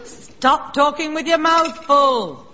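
A woman's voice: sits high, animated, takes it slowly, sharp tone, a little hiss or hum, exaggerated voice. A firm, fond mother. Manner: firm, scolding. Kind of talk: 1960s radio sitcom acting. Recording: muffled old radio recording, long reverb.

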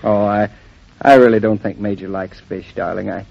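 A man's voice: lowish voice, flat delivery, normal speed, vocal fry. An actor playing a cheerful young husband and architect who dotes on his dog, in old radio drama style. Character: jovial young husband, doting dog owner. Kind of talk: 1940s radio acting. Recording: dull lo-fi old radio recording.

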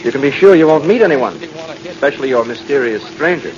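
A man playing a calm, reassuring husband who is a doctor, in 1940s radio acting, speaking in a coaxing, soothing manner. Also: medium pitch, quick pace, close to an everyday voice. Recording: dull old radio recording.

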